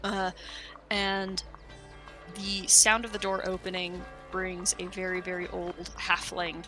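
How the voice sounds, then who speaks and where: A woman's voice: lowish voice, monotone, slow pace, music in the background. A woman narrating a tabletop game as game master, searching for words and hesitating often. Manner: hesitant, many fillers, laughing.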